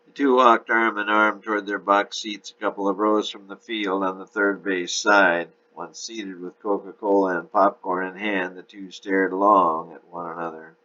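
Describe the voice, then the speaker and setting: A man narrates a novel chapter in a steady storytelling voice. His tone is very deep yet bright and forceful. The recording sounds a bit dull and lo-fi. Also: normal speed, hardly any pauses.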